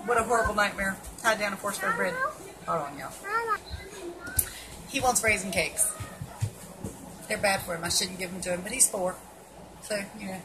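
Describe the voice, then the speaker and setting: A woman's voice: mid-range voice, sing-song, moderate pace, long pauses, noisy background. A woman giving casual, blunt and sarcastic commentary on an article, swearing freely as she reacts. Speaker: keto vlogger.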